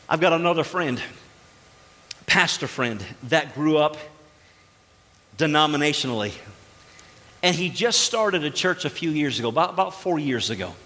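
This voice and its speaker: A man's voice: fairly high pitch, pushed and bright. A man preaching a sermon as pastor, speaking emphatically and putting rhetorical questions to the congregation. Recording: long reverb of a large hall.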